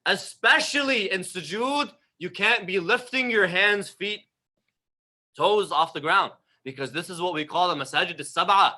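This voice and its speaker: A man's voice: high-pitched, lively intonation, moderate pace, sharp tone. A man giving a livestreamed religious talk in a conversational, emphatic way, asking the audience questions, repeating phrases and letting his voice trail off at the end of phrases. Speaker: religious lecturer.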